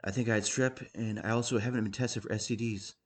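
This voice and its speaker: A dry, deadpan young woman patient, read by a man, keeping her voice low and quiet. She answers every question with flat sarcasm. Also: quick pace, husky.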